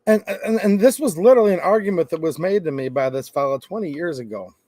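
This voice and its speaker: A middle-aged man hosts an opinionated commentary, animated, with sarcastic asides and acted-out quotes. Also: fairly high pitch, fast talker, dry recording. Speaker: gun-rights channel host.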